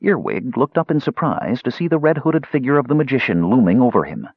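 A man narrating a fantasy story in an expressive, lively reading. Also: medium pitch, brisk, breathy edge, no echo. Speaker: audiobook narrator. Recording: dull lo-fi dry recording.

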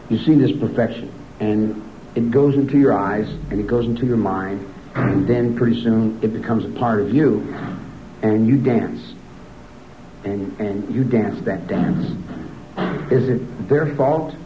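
A man talks in long, looping answers, circling back over the same words and pushing his voice high when he argues. The recording is old and dull, with a faint hiss under it. His pitch sits in the middle range for a man. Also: unhurried, echoey room. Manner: rambling, repeats himself, climbs to a high agitated pitch. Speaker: interviewee. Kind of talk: rambling recorded interview.

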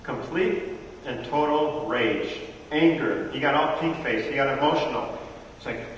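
A man in his thirties teaching a church audience, an animated storyteller who acts out the voices in his stories. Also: mid-range voice, measured pace, slight background noise. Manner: animated storyteller acting out dialogue. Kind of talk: lively talk to a live audience. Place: large hall with audience. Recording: echoey hall from far off.

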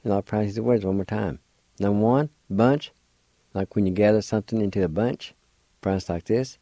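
A man hosting a radio language lesson spells words slowly, letter by letter, and pronounces them patiently like an encouraging teacher. His voice is fairly low and dark, recorded dry.

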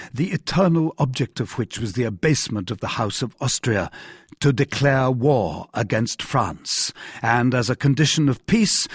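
A man narrating a classic novel as an audiobook, with an expressive, measured reading. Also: mid-range voice, breathy edge, no room sound, clean studio sound.

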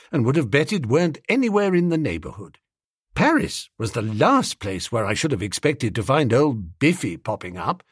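A man's voice: on the high side, dry recording, clean studio sound. A man reading a comic story aloud in a jaunty first-person narration. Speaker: audiobook narrator.

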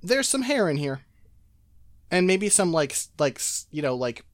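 Casting: a chatty game master with a lively, swooping pitch, dry close recording, lots of "like" fillers. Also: normal speed, dry recording. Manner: rambling, lots of fillers, giggly. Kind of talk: narrating a tabletop game.

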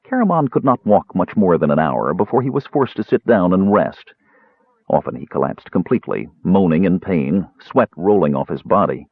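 A man narrating a fantasy story aloud in an expressive storytelling manner. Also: deep voice, normal speed, husky, no echo. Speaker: audiobook narrator. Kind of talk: scripted narration. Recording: tinny phone-like sound.

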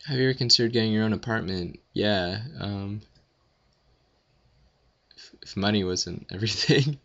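Young man, very low, gravelly, bright edge, rambling deadpan Q&A, dull lo-fi recording. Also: moderate pace. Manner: rambling, self-deprecating, deadpan jokes. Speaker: vlogger answering questions. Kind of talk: casual audio Q&A.

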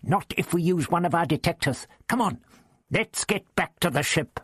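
A male narrator voicing a sharp-tongued elderly doctor who gives curt orders. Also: a little high, expressive, moderate pace, breathy edge, pitched above the performer's own voice. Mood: snappish. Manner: curt and snappish.

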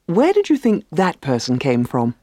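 Male presenter, encouraging quizmaster, animated delivery. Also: fairly high pitch, normal speed, no room sound, studio quality. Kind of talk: scripted lesson quiz.

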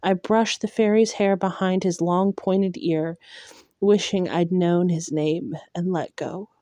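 A woman reading a fantasy novel aloud in a soft, unhurried and emotional way. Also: on the low side, steady tone, no room sound. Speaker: audiobook reader.

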